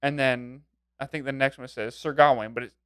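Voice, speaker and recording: A man's voice: mid-range voice, fairly quick, smooth, no echo, studio quality. A young man co-hosting a movie review podcast in casual chat, telling scenes with little acted-out quotes. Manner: animated storyteller, acts out scenes in quoted voices. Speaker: podcast co-host.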